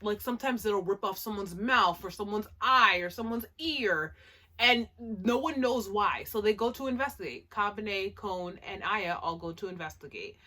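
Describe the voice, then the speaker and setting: A woman casually recapping an anime episode, chatty and animated, with lots of "like" and laughing asides. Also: medium pitch, moderate pace. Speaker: anime reviewer.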